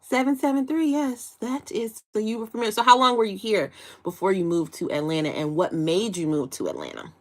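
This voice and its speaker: A woman's voice: medium pitch, sing-song, brisk. Giggly young woman live-streaming. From Chicago, USA. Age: 20s. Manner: chatty, giggly, reading out viewer comments. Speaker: livestream host. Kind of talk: casual live-stream chat with viewers.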